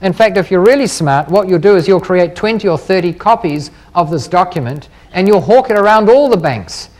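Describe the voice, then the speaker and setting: A middle-aged man with a fairly high voice addresses a live seminar audience. He talks boldly and persuasively, firing rhetorical questions at the room. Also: lively intonation, a little fast, a little mellow. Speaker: seminar speaker on property investing.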